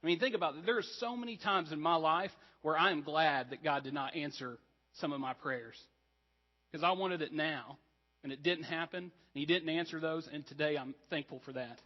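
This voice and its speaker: A man's voice: fairly high pitch, normal speed, in a large hall, dull audio. A man preaching a sermon as pastor, conversational and earnest, with casual asides to the congregation. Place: church sanctuary.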